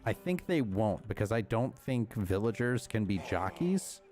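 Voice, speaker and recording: A man streaming a game chats casually, rambling to himself and chuckling often. His voice is on the low side, sing-song and darkish, at a measured pace, with faint music in the background.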